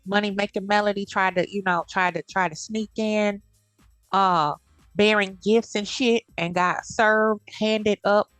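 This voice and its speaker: A woman's voice: mid-range voice, a bit bright, smooth, no room sound. A woman giving blunt, heated commentary in a casual vlog, cursing freely. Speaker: commentary vlogger.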